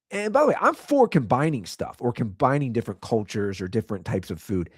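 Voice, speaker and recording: Speaking briskly with few pauses and a breathy edge, a man hosting his own podcast turns a story into a casual comedic rant. He repeats lines in disbelief for laughs and moves between loud and low as an animated storyteller, all in clean, echo-free studio sound.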